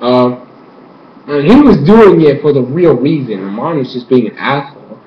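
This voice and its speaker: A young man giving an excited, rambling fan recap of an episode, acting out scenes with yelps and sound effects. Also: mid-range voice, moderate pace. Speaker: fan reviewer. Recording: lo-fi echoey room, faint ambience.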